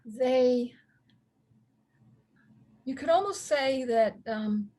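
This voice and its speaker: A woman guest astrologer talking thoughtfully in an interview, with soft laughs and frequent pauses. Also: high voice. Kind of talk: reflective interview talk.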